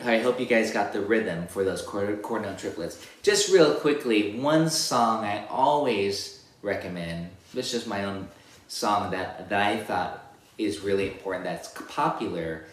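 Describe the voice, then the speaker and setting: A man giving a relaxed guitar lesson, explaining rhythms and singing them out as counted syllables. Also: on the low side, a little slow. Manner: counts beats and sings rhythms with "da, da" between explanations. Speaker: guitar teacher. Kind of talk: casual music lesson. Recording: echoey room with loud guitar playing. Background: his own guitar playing.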